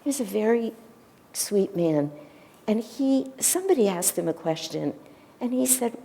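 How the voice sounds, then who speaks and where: A woman minister giving a sermon, gently telling stories and retelling what the people in them said. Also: medium pitch, expressive, measured pace, vocal fry, in a large hall. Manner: gentle storytelling, retelling scripture stories with quoted dialogue. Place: temple sanctuary.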